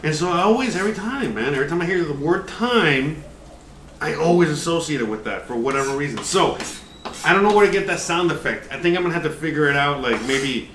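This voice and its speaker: Rambling man cooking far from mic. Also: on the high side. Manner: rambling, filler-heavy, jokey. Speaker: cooking streamer, former chef. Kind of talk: casual live cooking stream. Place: home kitchen. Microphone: distant from the mic. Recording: roomy, distant, noisy home recording.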